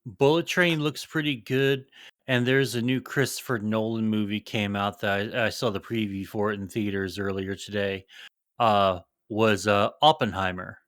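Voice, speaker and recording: Young male podcast co-host, smooth and clear voice, dry close sound, loose excitable banter. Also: on the low side, normal speed, no echo. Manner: loose, excitable, swearing, trailing off mid-thought. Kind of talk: casual chat.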